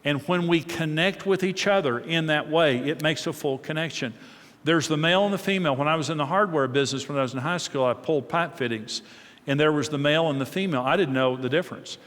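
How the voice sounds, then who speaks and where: A middle-aged man speaks to a live audience about marriage, in a relaxed, conversational teaching manner full of anecdotes and repeated words. His voice sits a bit high for a man. The sound carries a long reverb from a large hall. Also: fast.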